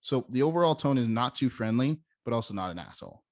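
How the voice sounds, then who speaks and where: A man's voice: medium pitch, lively intonation, fast, no echo, clean studio sound. A young man teaching as a sales coach in a casual, emphatic way, demonstrating how stressing different words changes meaning. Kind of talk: casual instructional talk.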